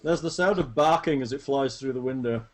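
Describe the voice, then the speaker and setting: A man running a tabletop game as game master, narrating in a casual, quick way with asides. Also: mid-range voice.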